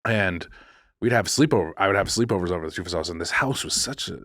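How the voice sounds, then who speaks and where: A man's voice: sits low, animated, quick pace, a bit bright, no echo, clean studio sound. A man co-hosting a podcast, telling a ghost story in a casual, rambling way, restarting sentences and cracking jokes as he goes. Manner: rambling, self-correcting, jokey. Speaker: podcast co-host. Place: podcast studio.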